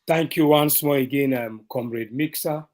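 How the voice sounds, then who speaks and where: A man's voice: medium pitch, moderate pace, darkish tone. A man with a Sierra Leonean Krio accent, speaking as a party commentator on an online political talk show, emphatic and repeating his phrases. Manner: emphatic, repetitive, restarts phrases.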